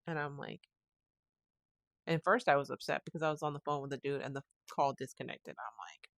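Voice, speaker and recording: Woman podcast host, casual rambling monologue, gravelly fry, dead-dry close sound. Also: rumbling low, a little fast, no echo. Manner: rambling, restarts sentences, retells phone calls.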